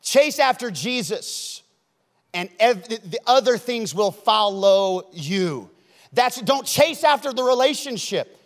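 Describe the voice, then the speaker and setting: A man preaching a sermon, swinging from loud emphatic lines to hushed ones. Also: very high voice. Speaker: pastor. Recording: long hall reverb.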